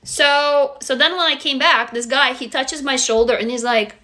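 A middle-aged woman with a Russian accent talks candidly on a phone livestream, drifting between stories and reading viewers' comments aloud. Her voice is bright and clear, pitched a little high. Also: normal speed, hardly any pauses. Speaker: livestream host. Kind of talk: casual livestream chat.

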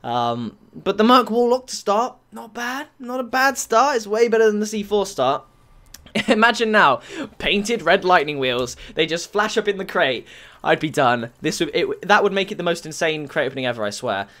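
Excitable young man gaming. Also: high voice, moderate pace. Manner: excitable, bursts into shouts and laughs. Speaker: gaming YouTuber. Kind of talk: excited game-opening commentary.

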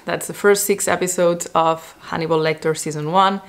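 A woman's voice: low voice, normal speed, gravelly, fairly bright tone. A young woman chatting casually as a vlogger, recapping a TV show, a bit out of breath. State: pregnant, out of breath.

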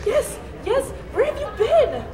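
Sassy young heroine played by a woman, very high and lively, far off in a noisy echoey hall. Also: measured pace, a loud crowd, exaggerated voice. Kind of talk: improv skit.

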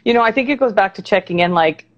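A woman's voice: medium pitch, expressive, fast. A woman life coach talking candidly and reflectively about feelings in a casual video call interview. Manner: reflective and candid, talks things through with many "like"s. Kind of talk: casual conversation on a livestream interview.

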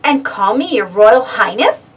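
A woman's voice: a little high, very animated, a little slow, husky, distant mic, exaggerated voice. A woman voicing a bossy, dramatic little girl in a read-aloud storybook. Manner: bossy, tattling.

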